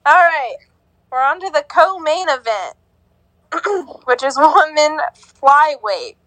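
A woman's voice: high-pitched, expressive, slow pace, fairly bright tone, no room sound, rough recording. A woman co-hosting a casual podcast, giggling and stumbling over hard names as she reads results. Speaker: co-host.

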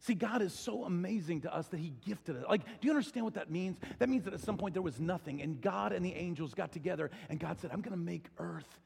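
Male preacher, high-pitched voice, chatty sermon in a big church hall with long echo. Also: fast talker, vocal fry, few pauses, husky. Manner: conversational preaching, rising to excited storytelling. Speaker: pastor. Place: large church auditorium.

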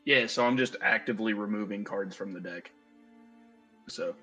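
A man playing a tabletop game over a video call, playful and quick to laugh. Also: lowish voice, pushed and bright, highs cut off, faint music behind. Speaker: player.

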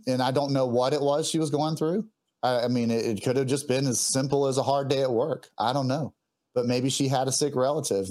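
Man, podcast guest, earnest, heartfelt storytelling, halting restarts, middle pitch. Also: darkish tone. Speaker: guest musician. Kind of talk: emotional personal storytelling.

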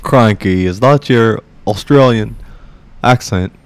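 A man's voice: fairly low pitch, slow pace, faint music behind. A man co-hosting a comedy podcast, teasing dryly and rambling through jokes. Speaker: podcast co-host. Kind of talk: casual comedic chat.

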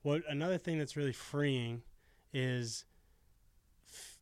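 A man's voice: mid-range voice, takes it slowly, a little mellow, clear, resonant tone, no room sound. A man in his twenties, a podcast guest talking in a casual, earnest and reflective way and swearing now and then. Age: 20s.

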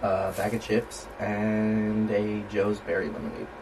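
Young male co-host, low-key slangy banter, lower voice, distant mic with room noise. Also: completely flat delivery, unhurried. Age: young adult. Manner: laid-back slangy, swears. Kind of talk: casual banter.

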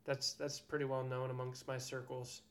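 A man's voice: medium pitch, completely flat delivery, normal speed. A man co-hosting a podcast in casual chat, frank and profane, prone to ranting. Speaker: podcast co-host.

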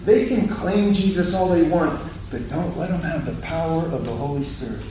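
Fired-up preacher guy, pretty high voice, mic far off, faint hum behind. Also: normal speed. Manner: fiery, exhorting, with repeated calls for response. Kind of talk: sermon. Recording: echoey hall, mic from far off.

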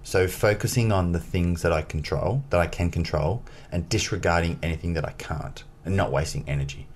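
A man telling a personal story as an interview guest, in a lively way, acting out the dialogue. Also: low-pitched, brisk. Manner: lively, acts out dialogue in his stories. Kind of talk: casual storytelling.

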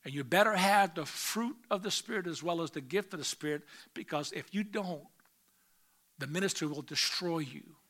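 Bright high-voiced preaching man. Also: normal speed. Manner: preaching with sudden loud rises and quiet asides; reads scripture aloud in old English. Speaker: pastor. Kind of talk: sermon.

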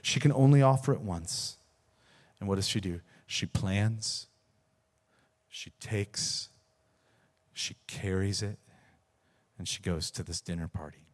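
A man's voice: low-pitched, animated, moderate pace. A man, a pastor, preaching a sermon, telling a story earnestly with repeated words and rising emphasis.

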